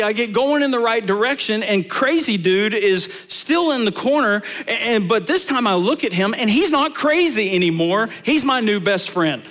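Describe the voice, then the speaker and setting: A man preaching a sermon as pastor, talking to the congregation in a conversational way, asking rhetorical questions and telling lively stories. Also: extremely high pitch. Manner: animated storytelling.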